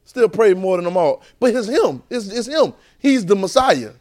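This man's voice sits high and moves at a moderate pace while he preaches a sermon to a class at a church training center. Animated and repetitive, he fires rhetorical questions at his listeners.

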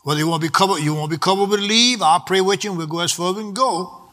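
A man's voice: sits high, racing, pushed and bright. A man preaching a sermon, in a rhythmic delivery that drifts into half-singing and draws out key words. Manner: rhythmic preaching, sometimes half-sung, stretched words for emphasis.

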